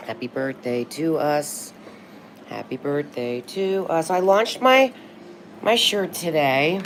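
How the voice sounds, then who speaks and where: Low voiced lady in her 60s on a live stream, chatty and sweary, faint noise in the background. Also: lively intonation, takes it slowly. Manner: chatty, swears freely when frustrated. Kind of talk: casual live stream chat.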